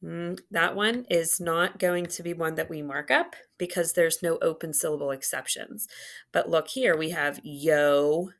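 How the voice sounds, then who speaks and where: A woman teaching a phonics lesson, patiently sounding out and drawing out words and syllables. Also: sits low. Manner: slow, patient, drawn-out enunciation of sounds.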